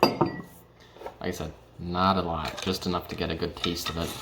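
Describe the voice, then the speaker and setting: A man's voice: low-pitched, flat delivery, normal speed, very noisy. A young man in his early twenties chatting casually in a home vlog, hesitant and full of ums and restarts. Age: young adult. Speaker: vlogger reviewing whiskey.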